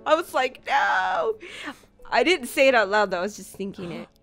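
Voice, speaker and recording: A young woman chatting excitedly while playing a game with a friend, squealing and repeating herself when things get tense. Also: mid-range voice, quick pace, faint music behind. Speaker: co-host gaming with a friend. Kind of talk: casual let's-play chat.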